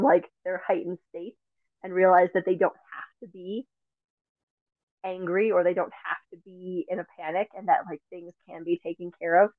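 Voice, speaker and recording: A woman's voice: lowish voice, no room sound. A woman hosting a podcast, talking in an earnest, reflective way with plenty of casual fillers. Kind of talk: casual conversation. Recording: tinny phone-like line, dry.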